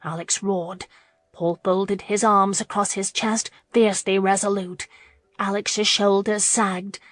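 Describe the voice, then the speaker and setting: A woman narrating a romance audiobook in a steady, measured way. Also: medium pitch, no echo. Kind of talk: scripted narration.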